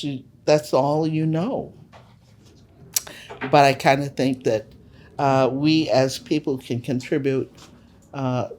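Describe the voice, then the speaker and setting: An older woman, a holistic health practitioner, telling client stories in an earnest, measured way during a casual interview. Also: very deep voice, a little mellow.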